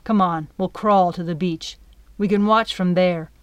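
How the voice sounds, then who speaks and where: A woman reading a storybook voices a calm, practical young girl urging her friends to hide. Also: lowish voice, measured pace, smooth, no echo, lightly acted.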